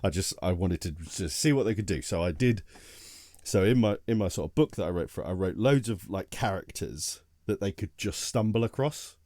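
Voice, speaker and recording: A tired man tells a long story on a casual podcast. He talks in loose, rambling runs, with plenty of restarts. His voice is low and mellow, and the recording is close and dry. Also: lively intonation, moderate pace, dry recording. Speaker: podcast co-host. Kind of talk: casual chat.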